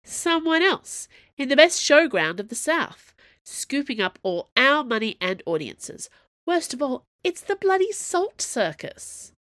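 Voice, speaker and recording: A moody teenage circus girl who whines and sulks about everything, as a woman narrator puts her on. The voice sits higher than the reader's own and is recorded dry and close, as in a storybook read-aloud. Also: very animated, a little slow, fairly bright tone, no room sound. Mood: grumbling. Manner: whiny, sulky complaining.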